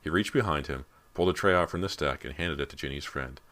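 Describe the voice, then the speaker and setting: Very deep-voiced male narrator. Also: quick pace, fairly bright tone. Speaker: audiobook narrator. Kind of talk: scripted narration.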